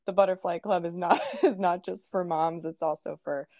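A woman's voice: fairly low pitch, steady tone, moderate pace, warm tone, no room sound, clean studio sound. A young adult woman hosting a podcast in casual chat, laughing often and restarting her sentences. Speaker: podcast host.

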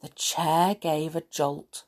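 A woman reading a children's storybook aloud in an expressive, measured storytelling manner. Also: low voice.

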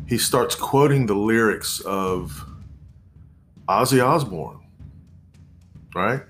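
A man in his forties telling a personal story in a measured, reflective way, pausing and restarting as he goes. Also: on the low side.

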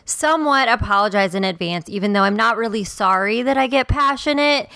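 A woman hosting a solo podcast as a stylist, excitable and emphatic, prone to rambling. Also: on the high side, fairly quick, creaky, clean tone, no room sound.

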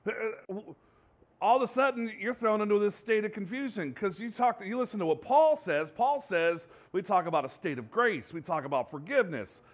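A pastor giving a sermon in a conversational, rambling way, with many fillers and restarts and a joking, self-deprecating manner. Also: male voice, sits high, lively intonation, moderate pace. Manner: self-deprecating, jokes with the congregation.

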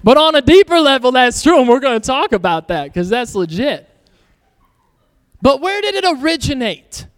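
A man preaching a sermon to a church, energetic and joking in a casual, conversational way. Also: very high-pitched, normal speed, clean tone, long reverb tail. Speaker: pastor.

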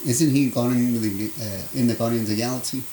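A man's voice: medium pitch, fairly even intonation, fast talker, mellow. A young man co-hosting a casual podcast, who laughs often and swears freely. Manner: laughs often, profane, swooping voice. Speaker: podcast co-host. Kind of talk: casual chat. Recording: roomy echo with faint noise.

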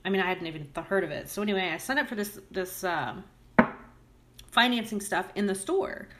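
A woman's voice: mid-range voice, lively intonation, fairly quick, heavy background noise. Woman from oklahoma, blunt and matter of fact, casual chat with a friend. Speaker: guest friend.

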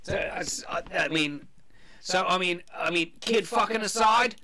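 A man's voice: sits high, normal speed, bright, forceful tone, slight background noise. A man hosting a casual chat, joking, laughing often and reading out historical dates. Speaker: podcast host.

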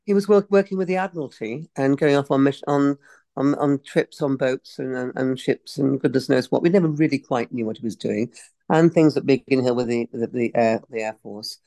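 A woman's voice: very deep voice, a little fast, mellow, no room sound. A woman in her sixties from England, an actress chatting casually in an interview, digressing often and laughing easily. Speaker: actress guest.

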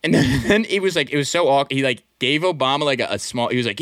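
A young man chatting casually on a podcast, his pitch swinging widely as he acts out the people in his story. His voice sits in the middle range and sounds dry and close, with no room around it. His talk is loose and full of fillers. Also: quick pace, hardly any pauses, no room sound. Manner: animated storytelling, acting out quoted voices; filler-heavy, says "like" and "dude" a lot. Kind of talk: casual chat.

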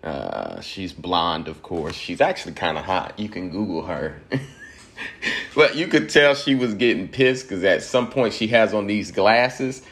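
Deep low man, casual profane commentary, laughs often. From Georgia, US. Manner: laughing, loose and profane, animated asides.

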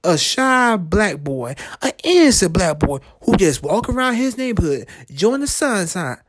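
A man's voice: high voice, sing-song, a little slow, dry recording. Angry man ranting, dry close sound. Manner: angry, profane, emphatic ranting; repetitive, building in intensity. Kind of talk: heated monologue to camera.

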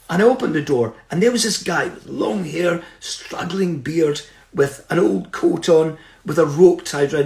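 A middle-aged man with a high voice tells a personal story in an earnest, reflective manner. He checks in with his listeners now and then. The recording has a roomy echo around him. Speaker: speaker.

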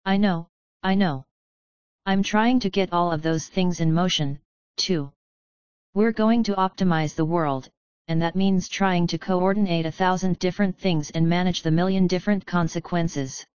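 A woman's voice: lowish voice, fairly even intonation, moderate pace, darkish tone, clean tone, no room sound, muffled recording, close to an everyday voice. A woman reading an earnest young wizard inventor. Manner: earnest, explanatory.

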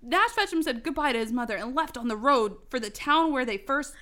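Giggly high-voiced woman reading aloud. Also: lively intonation, bright, forceful tone. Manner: halting read-aloud, stumbling over bad grammar; frequently breaks into giggling fits. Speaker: podcast co-host. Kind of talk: reading fan fiction aloud for comedy.

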